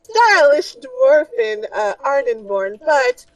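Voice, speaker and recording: A woman's voice: high voice, big pitch swings, slow, no room sound, recorded from a distance, pitched above the performer's own voice, exaggerated voice, low-quality recording. A woman voicing a pushy, chatty female fashion shopkeeper in a tabletop game, with a wheedling sales patter. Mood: gushing.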